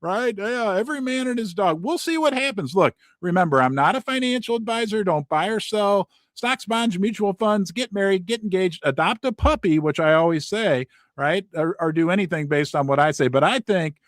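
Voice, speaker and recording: Animated American man hosting from his basement. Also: high-pitched, moderate pace, hardly any pauses, no room sound. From United States. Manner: animated, jokey, rambling with restarts and asides. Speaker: host. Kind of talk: casual market commentary.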